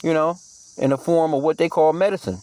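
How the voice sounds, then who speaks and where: A man's voice: a little high, fairly quick, darkish tone, no room sound. Casual man teaching scripture. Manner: reads verses aloud then riffs loosely in slangy speech; profane, with frequent fillers and restarts. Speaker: bible teacher.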